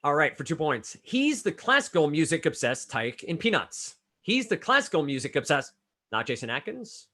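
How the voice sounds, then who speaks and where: Male quiz host, slightly high, very animated delivery, brisk and chatty. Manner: brisk, chatty, calls on players by name. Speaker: trivia quizmaster. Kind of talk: reading trivia clues and scoring answers.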